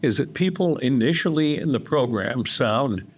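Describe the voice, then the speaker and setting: A man's voice: mid-range voice, expressive, normal speed, slightly rough. A man hosting a podcast interview and prompting his guests with follow-up questions. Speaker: podcast host. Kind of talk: casual interview.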